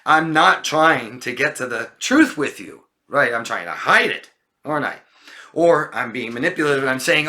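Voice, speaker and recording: A man's voice: medium pitch, expressive, unhurried, bright, forceful tone. A man coaching on body language in a casual talk to camera, acting out short lines from liars to show them. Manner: demonstrative, acts out liars' lines in a raised voice.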